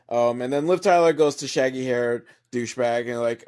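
A man's voice: mid-range voice, moderate pace, hardly any pauses, darkish tone. A man giving a rambling, profane and mocking recap of a movie as a comedic reviewer. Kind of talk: sarcastic movie recap monologue.

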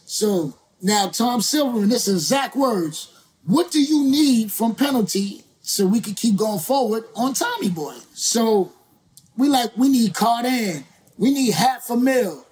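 Animated, slangy male rapper telling stories. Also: very high voice, measured pace, slightly rough. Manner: slangy, profane, acts out quoted voices. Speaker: interview guest, rapper. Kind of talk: animated storytelling.

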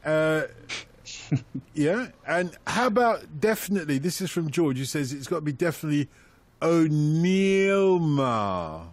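A man's voice: a little high, moderate pace, slightly rough, no echo. Playful man hosting a radio phone-in. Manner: playful, laughs at his own puns. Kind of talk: radio phone-in chat, reading listener messages.

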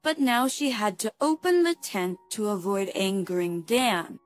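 Woman reading a drama story real slow, dry close sound, faint music behind. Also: mid-range voice, lively intonation, no room sound. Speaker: narrator. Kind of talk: scripted story narration.

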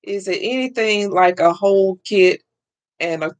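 Loud, excitable woman crafting host. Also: mid-range voice, unhurried, no echo. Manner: loud and excitable, laughs often. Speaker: live-stream crafting host. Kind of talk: casual live-stream chat, reading viewer comments.

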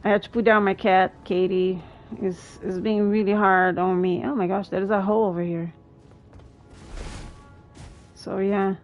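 While playing a video game, a woman streamer talks with her chat, frequently exclaiming and laughing between comments. She speaks flatly at normal speed in a mid-range voice, leaving long pauses. The audio is dull, with soft background music.

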